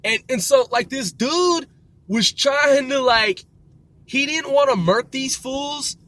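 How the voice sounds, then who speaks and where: With a very high, somewhat bright voice and lively intonation, this man takes his time as he speaks. He's in his forties and hosts a mobile podcast, ranting casually with lots of swearing and self-corrections while driving a moving car.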